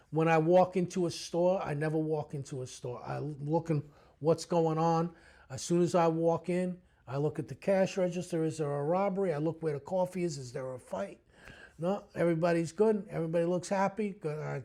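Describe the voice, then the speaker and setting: A middle-aged retired detective with a thick New York accent, his voice rough and gravelly. He tells stories bluntly and profanely, lively and street-tough, as an interview guest. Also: a little high. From the Bronx, New York. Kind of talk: storytelling interview talk.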